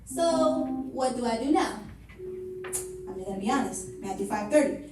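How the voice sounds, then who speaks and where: Preaching sarcastically, a woman with a slightly high, lively voice delivers a sermon at a moderate pace, slipping into mocking impressions of churchgoers. She's heard from far off in an echoey hall, with music behind her and crowd noise.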